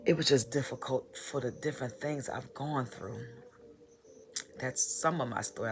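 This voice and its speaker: A woman telling her personal story in a vlog, halting and repeating phrases in a heartfelt way. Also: a bass voice, noisy background. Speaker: motivational vlogger.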